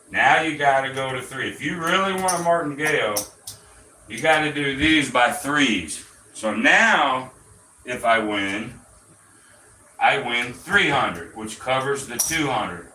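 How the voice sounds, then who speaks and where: With a mid-range voice that sounds pushed and bright, a gambling show host walks through roulette bets in a blunt, chatty, profane style of casual instruction. A little hiss or hum accompanies the roomy, distant-mic recording with faint ambience.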